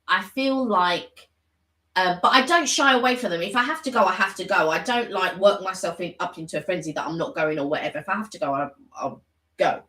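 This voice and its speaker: A woman's voice: mid-range voice, roomy sound, poor audio. A woman co-hosting a live stream, chatting casually and rambling through long stories with lots of restarts. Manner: chatty, rambling, with many restarts and animated retellings. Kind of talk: casual chat.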